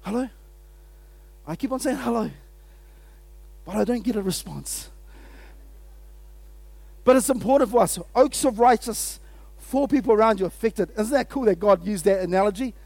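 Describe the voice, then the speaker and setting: High-voiced, fired-up man preaching. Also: normal speed, gravelly, long pauses, dry recording. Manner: energetic and exclamatory, often laughing, calls out to the audience. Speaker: pastor. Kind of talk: sermon.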